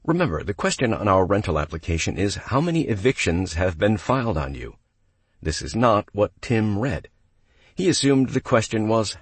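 A man's voice: on the low side, husky, no room sound. A man, a property manager, giving step-by-step instructional narration and acting out phone calls with an applicant. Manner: coaching, step-by-step explanations.

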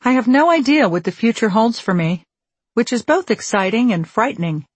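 A woman narrating a memoir audiobook in a measured, wry storytelling manner, recorded on a studio microphone. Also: fairly high pitch, expressive, slightly rough, dry recording.

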